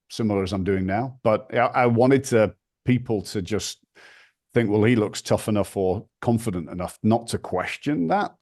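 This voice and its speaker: A man from the north of England with a northern English accent, a podcast guest telling lively anecdotes and swearing casually. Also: fairly low pitch. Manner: animated anecdotes, acts out quoted voices, swears casually. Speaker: podcast guest, brand founder. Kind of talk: storytelling interview.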